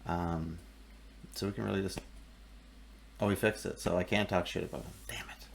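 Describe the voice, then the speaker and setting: A man's voice: sits low, moderate pace, creaky, slight background noise. A man hosting a live art stream, chatting casually and joking around with his cohost. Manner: joking, relaxed banter. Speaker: host.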